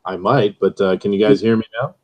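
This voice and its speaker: Wry man with a lowish voice. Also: a little fast, darkish tone, poor audio. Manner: wry, dry humor. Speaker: guest. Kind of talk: casual livestream chat.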